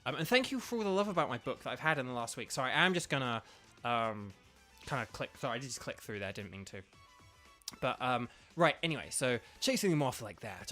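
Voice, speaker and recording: A man's voice: mid-range voice, sing-song, brisk, fairly bright tone, faint music behind. A man streaming a video game, chatting casually with viewers in a rambling, enthusiastic way full of fillers. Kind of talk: casual live-stream chat.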